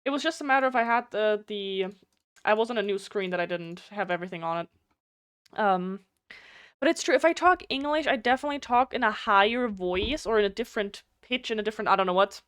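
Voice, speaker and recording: A woman's voice: mid-range voice, lively intonation, fairly quick, fairly bright tone, clean tone, dry recording, clean studio sound. A woman with a German accent, a native German speaker, chatting casually and bluntly on a live game stream, swearing freely, her voice slightly nasal.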